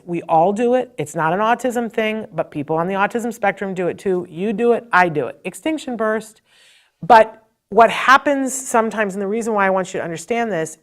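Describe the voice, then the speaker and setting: A middle-aged woman speaks as a podcast host, sharing a personal parenting story. Her delivery is earnest and emotional, conversational with fillers and restarts. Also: medium pitch. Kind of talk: personal storytelling advice talk.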